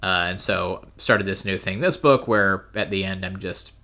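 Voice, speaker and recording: A man's voice: sits low, moderate pace, sharp tone. A man co-hosting a podcast in casual chat, easygoing, laughing often and hesitating with ums. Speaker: podcast co-host.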